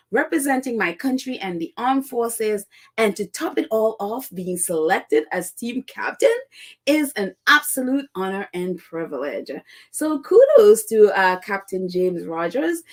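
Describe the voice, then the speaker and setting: A woman hosting a casual commentary podcast, chatty and sarcastic, laughing often and leaning on fillers as she reacts to the news. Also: mid-range voice. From United States. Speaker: podcast host.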